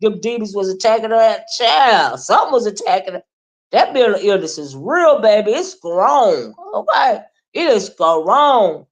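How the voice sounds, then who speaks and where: A woman's voice: medium pitch, sing-song, measured pace. A woman streamer giving a casual, meandering commentary monologue, full of fillers and restarts. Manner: chatty, meandering, with many fillers; loud mocking imitations, laughing.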